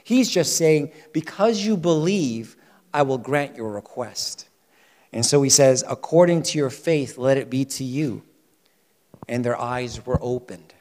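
A man preaching a sermon, swinging from soft, hushed quotes to loud, emphatic peaks. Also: mid-range voice, lively intonation, unhurried, long reverb tail. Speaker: pastor.

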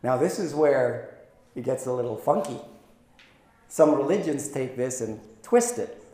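A pastor preaching a sermon in a conversational way, with playful asides. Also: male voice, medium pitch, lively intonation, unhurried, mellow, reverberant. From Philippines.

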